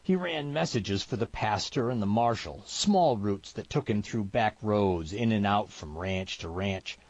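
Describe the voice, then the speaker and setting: A man reading a story aloud in a measured, expressive storybook narration, heard on a dull, lo-fi recording. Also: on the low side.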